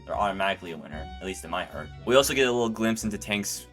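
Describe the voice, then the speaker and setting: Young male recap creator, low-ish and punchy, sarcastic, rambling delivery with stammered restarts. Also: lively intonation, racing, fairly bright tone, faint music behind. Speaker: video creator. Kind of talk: casual movie recap commentary.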